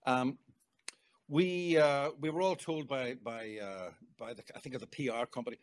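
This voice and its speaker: A man's voice: medium pitch, moderate pace. Chatty older man. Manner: chatty, storytelling, warm exclamations. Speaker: guest songwriter. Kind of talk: casual interview chat.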